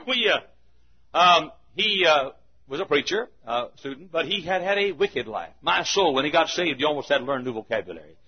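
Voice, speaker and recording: Animated preacher, high lively voice. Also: male voice, slightly rough. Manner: animated, swings between shouting and hushed asides, chuckles. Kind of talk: sermon with storytelling. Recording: dull lo-fi recording.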